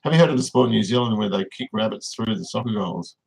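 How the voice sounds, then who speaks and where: A man's voice: fairly low pitch, fast, gravelly, slight background noise, poor audio. An Australian man hosting a casual livestream, rambling and reading viewers' comments aloud as he answers them. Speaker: livestream host.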